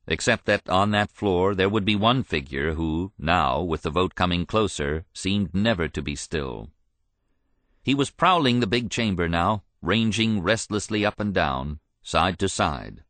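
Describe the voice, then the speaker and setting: Measured male narrator for nonfiction audiobook, low voice, dry close sound. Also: a bit bright, no room sound. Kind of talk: scripted narration.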